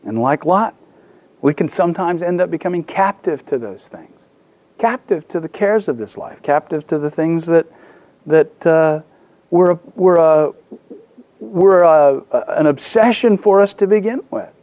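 High-voiced man preaching a sermon. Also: a little slow, a little mellow, dry recording, highs cut off. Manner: storytelling with self-deprecating humor and many restarts. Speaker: pastor.

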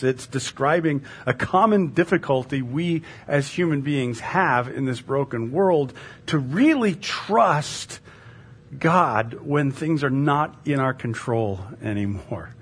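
A male pastor preaches in a relaxed, conversational way, stopping often for "uh" and "you know." His voice is husky and a bit high for a man. He speaks like he is telling a story to friends. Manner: casual, filler-heavy, storytelling. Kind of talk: conversational sermon.

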